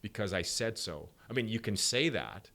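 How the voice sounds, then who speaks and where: A man's voice: on the low side, expressive, moderate pace, gravelly, pushed and bright. A middle-aged man, a sport psychology guest on a podcast, explaining ideas at length and acting out examples with a laugh. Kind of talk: podcast interview.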